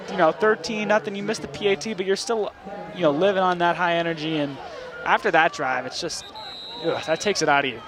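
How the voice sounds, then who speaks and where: A young man calling high school football play-by-play, rising with excitement on big plays. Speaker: play-by-play commentator. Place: outdoor football stadium. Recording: crowd and noise outdoors at a stadium.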